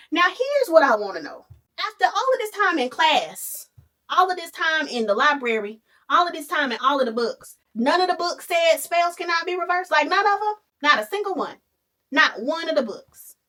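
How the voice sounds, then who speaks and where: A woman's voice: high-pitched, fairly bright tone. A woman hosting a podcast, retelling a story in a sassy, casual way and calling listeners honey and baby. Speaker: podcast host. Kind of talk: casual movie recap.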